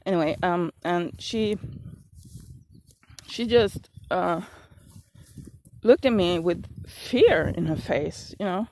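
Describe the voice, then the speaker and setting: A woman's voice: lowish voice, lively intonation, slow, pauses often, darkish tone, a little hiss or hum. A middle-aged woman telling a rambling, sarcastic story outdoors while out of breath and coughing from allergies. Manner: sarcastic, rambling, laughs at herself. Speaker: vlogger. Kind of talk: casual storytelling while walking. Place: outdoors on a walk.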